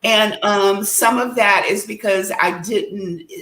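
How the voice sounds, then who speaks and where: A woman life coach sharing a personal testimony in a virtual discussion, an animated storyteller who laughs often and acts out what people said. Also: medium pitch, takes it slowly, echoey room, poor audio. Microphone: video call.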